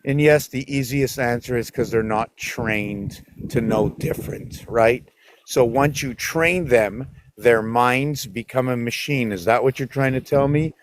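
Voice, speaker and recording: A man's voice: mid-range voice, unhurried, slight background noise. Casting: man, rambling outdoor dog-walk vlogger, muses aloud, scolds his dogs in exasperation. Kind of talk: rambling walking vlog.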